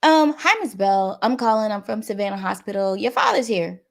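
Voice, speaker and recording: A woman voicing a polite, evasive female hospital nurse who speaks calmly and formally. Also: mid-range voice, moderate pace, gravelly, close to an everyday voice. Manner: calm, formal, stonewalling.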